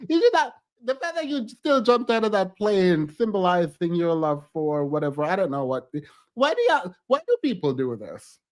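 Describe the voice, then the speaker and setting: Sassy, lively high-voiced man reacting. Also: moderate pace. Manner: sassy, emphatic, laughs often. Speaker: streamer reacting to a reality show. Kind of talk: casual reaction commentary.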